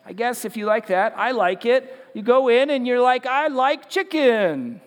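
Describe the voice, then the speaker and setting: A man's voice: extremely high pitch, normal speed. A man preaching a casual, story-driven sermon to young people, acting out the voices of people he quotes. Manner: conversational storytelling, acts out quotes. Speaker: youth pastor. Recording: long hall reverb.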